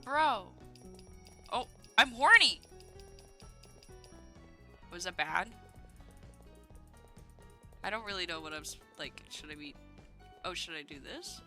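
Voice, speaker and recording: A woman streamer giving excitable, casual commentary as she plays a game, talking to her viewers. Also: deep voice, normal speed, pauses often, faint music behind.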